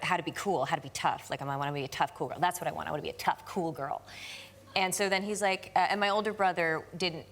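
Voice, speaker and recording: A woman's voice: low-pitched, fairly bright tone. A woman in her forties, a chat show guest, telling a self-mocking story.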